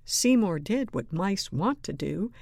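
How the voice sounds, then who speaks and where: A woman reading a children's picture book aloud in a slow, expressive way. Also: mid-range voice, creaky, over music. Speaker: storyteller.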